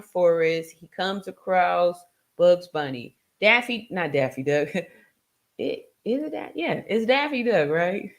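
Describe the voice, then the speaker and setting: A woman's voice: medium pitch, fairly bright tone. A middle-aged woman talking casually to her audience, chatty, laughing often and tagging her points with rhetorical questions. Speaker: commentator. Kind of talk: casual monologue.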